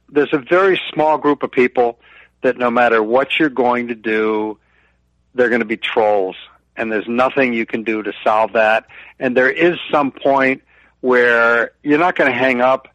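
A man's voice: mid-range voice, unhurried, a bit bright, no echo. A middle-aged man, a guest on a business radio show, talking earnestly and often repeating his first words. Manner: earnest, repeats words when starting thoughts. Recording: dull lo-fi remote line.

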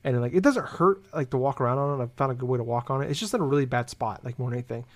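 A young man in casual chat tells a rambling story packed with "like" and free swearing. His medium-pitched voice goes very fast.

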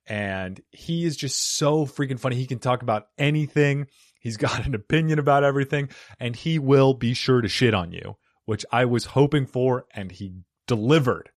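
A mid-range male voice at normal speed, dryly recorded, opens and chats on a comedy podcast. The host speaks casually into a studio mic at his home studio in Arizona, full of jokes and self-deprecation.

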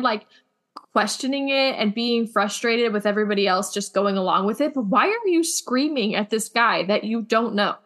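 A woman's voice: a little high, fairly bright tone. A woman co-hosting a casual podcast, opinionated and swearing, with lots of "like" fillers. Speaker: podcast co-host. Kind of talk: casual chat.

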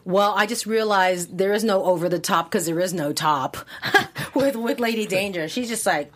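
A woman's voice: medium pitch, moderate pace. A woman from Hawaii, an actress, chatting candidly and expressively in an interview. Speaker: actress guest. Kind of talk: casual interview conversation.

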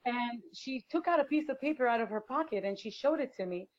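A woman guest tells a personal story with feeling and acts out the voices of the people in it. Her voice sits fairly high. The sound is dull and lo-fi. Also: animated, a little fast. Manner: emotional, vivid storyteller acting out quotes. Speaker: guest, motivational speaker. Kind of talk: storytelling interview.

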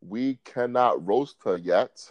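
A man hosting a casual podcast, animated and quick to laugh, his voice jumping high when he gets excited. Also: dry recording, lo-fi sound. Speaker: podcast host.

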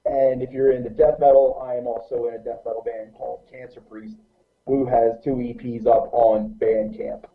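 A man guesting on a podcast, telling a profane, animated anecdote in a casual way. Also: mid-range voice, normal speed. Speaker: guest musician. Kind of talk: casual storytelling. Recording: tinny phone-like line.

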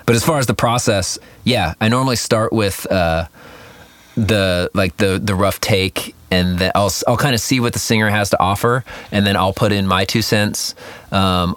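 A man's voice: sits low, a bit bright, dry recording. A man in casual chat, answering questions about producing music with lots of fillers and acted-out quotes. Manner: rambling, many fillers, acts out quotes.

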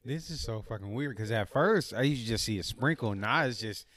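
A man in relaxed, casual conversation who often agrees with short replies and sometimes makes longer points. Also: medium pitch, fairly quick, no echo. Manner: laid-back, agreeable, chimes in with short replies. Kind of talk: casual chat.

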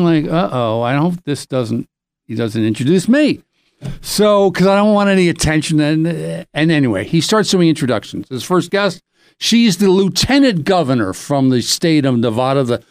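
A middle-aged man hosting a podcast, telling a rambling, animated anecdote in casual chat. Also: a little high, no echo. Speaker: podcast host.

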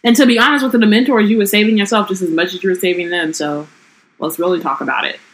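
A woman's voice: mid-range voice, steady tone, fast talker, rough recording. A woman co-hosting a casual book-discussion podcast, reading passages aloud and then riffing on them with frank, profane commentary.

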